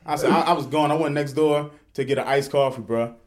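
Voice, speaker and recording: A man's voice: mid-range voice, fairly quick. A man hosting a podcast, telling stories in casual, profane chat and laughing as he goes. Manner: animated, profane, laughs through his stories. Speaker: podcast host.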